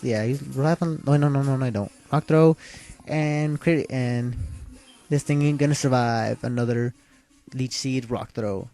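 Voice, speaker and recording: A man's voice: mid-range voice, warm tone. A young man casually recapping a video game battle move by move in a laid-back, slangy way. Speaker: video game let's player. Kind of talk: casual gameplay recap commentary.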